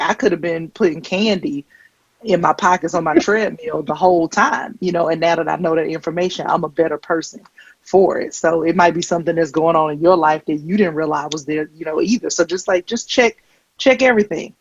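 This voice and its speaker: A woman comedian performing a stand-up set, telling stories with deadpan, wry asides into a handheld stage mic. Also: on the low side, fairly quick, husky, no room sound, highs cut off. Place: comedy stage before a live audience.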